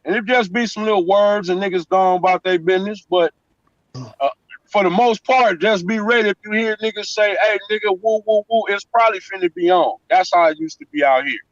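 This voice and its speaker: A man talks in a fairly high voice, emphatic and story-driven, and keeps checking in with the listener. The sound is dull and lo-fi, like a call line, and very dry. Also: fairly quick, no echo. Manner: emphatic street storytelling, repeats "you know what I'm saying". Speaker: guest. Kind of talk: casual chat.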